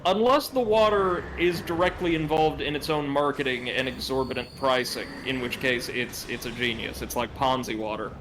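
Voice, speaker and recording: A man's voice: mid-range voice, fairly even intonation, moderate pace, hardly any pauses, noisy background. A man co-hosting a casual live stream, reading chat messages aloud and joking about them.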